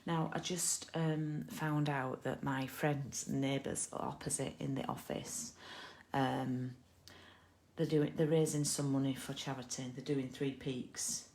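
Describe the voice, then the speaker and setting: A woman's voice: a bass voice, steady tone, slow pace, darkish tone. A British woman hosting a live card-making stream, chatting casually and rambling with lots of ums and asides. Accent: British English. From United Kingdom. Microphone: laptop or phone camera mic.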